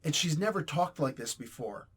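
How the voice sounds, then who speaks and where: A man reviews a comic book in a blunt, rambling, exasperated rant. His voice sits slightly high for a man. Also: animated, normal speed, a bit bright, breathy edge. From New Jersey, US. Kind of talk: casual ranting review.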